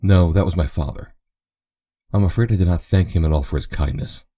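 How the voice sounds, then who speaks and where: A man's voice: deep voice, a little fast, dark tone, husky. A man voicing a grieving young woman who is fighting a morphine craving, speaking in a tense, strained way. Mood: subdued.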